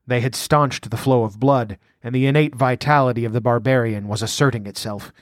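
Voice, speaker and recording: A man narrating an adventure story in a measured, dramatic reading. His pitch sits in the middle range. The recording is dry and close with no room sound. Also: dry recording. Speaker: audiobook narrator. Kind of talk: scripted narration.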